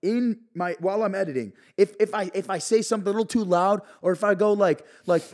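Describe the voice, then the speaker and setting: A young man from North Carolina chatting on a podcast, brash and profane, getting animated as he tells stories. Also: sits high, fast. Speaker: podcast guest, video creator. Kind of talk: casual podcast chat.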